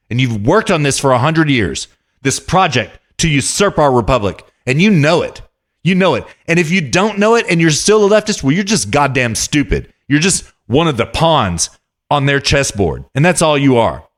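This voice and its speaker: A man with a fairly high-set voice rants into his podcast mic. He hammers the same phrases over and over, heated and profane, in a political monologue addressed straight to his listeners. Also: very animated, normal speed. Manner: heated ranting, profane, repetitive. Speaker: podcast host.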